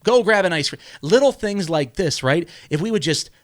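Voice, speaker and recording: Male podcast host, slightly high voice, loose rambling motivational talk. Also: expressive, moderate pace. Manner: rambling, repeats words, asks "right?" often. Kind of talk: casual motivational chat.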